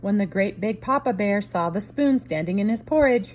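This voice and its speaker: A woman reading a picture book aloud to children in an expressive storyteller's way. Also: mid-range voice, moderate pace, few pauses. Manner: expressive, varied storyteller delivery. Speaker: storybook reader.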